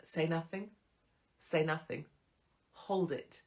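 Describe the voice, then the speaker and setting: A woman's voice: sits low, takes it slowly. A woman in her forties hosts a show and gives advice in a casual monologue. She talks frankly, swears freely and mimics other people. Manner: frank and chatty, with swearing and mock voices of others. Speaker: host.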